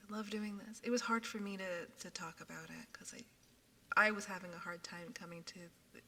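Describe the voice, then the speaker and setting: A young woman chatting casually with her stream viewers, often dropping into a soft whisper, recorded on a binaural ASMR microphone. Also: on the low side, in a large hall, a little hiss or hum.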